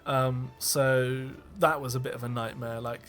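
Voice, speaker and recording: A man's voice: medium pitch, flat delivery, measured pace, fairly bright tone. A man giving a casual, rambling commentary as a film director, candid and self-deprecating, with frequent ums and restarts.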